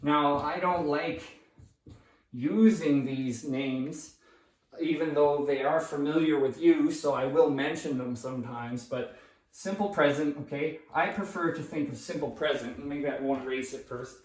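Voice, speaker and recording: A man with a slightly raised voice walks through a grammar lesson at a whiteboard, steady and patient, pausing to ask "right?" and fixing his own words as he writes. His voice is caught from across an echoing room by a distant camera mic. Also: on the high side. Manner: patient explaining, frequent checking "right?" and "okay?"; restarts and self-corrections while writing. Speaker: English teacher.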